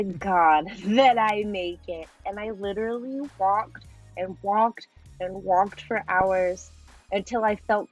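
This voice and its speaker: Young woman telling a wild story on a podcast, lively, laughing and swearing, music faint behind. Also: on the high side, poor audio. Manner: animated, laughing often, swearing. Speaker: podcast guest. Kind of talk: casual storytelling.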